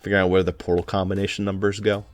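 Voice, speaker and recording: A man's voice: deep voice, level tone, rapid-fire, soft background music. A man hosting a game playthrough, reading the narration aloud with joking asides.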